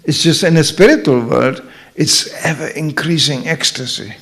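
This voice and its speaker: Older man, spiritual teacher, humorous sermon, jokey, slightly high voice. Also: moderate pace, a bit bright. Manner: jokey, acts out quoted voices.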